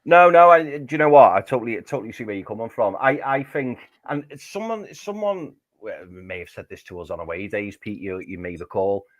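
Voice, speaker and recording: A man's voice: on the low side, lively intonation, brisk, few pauses, no room sound. A man hosting a football fan podcast, chatting with frequent restarts. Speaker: podcast host.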